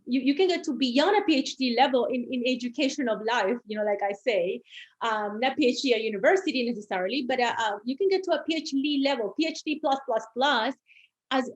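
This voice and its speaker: Thoughtful woman host, dull lo-fi audio. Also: high voice. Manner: thoughtful, searching for words. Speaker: podcast host. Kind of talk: conversational interview.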